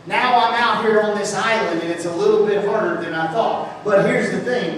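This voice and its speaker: A man with a high, lifted voice preaches a fervent sermon, firing questions back at his congregation. He is picked up from a distance, so the words bloom and ring out through a big church hall with a long tail of reverb, and a faint room hum sits beneath him. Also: moderate pace, few pauses, crowd noise. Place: church sanctuary. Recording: echoey church hall from far off.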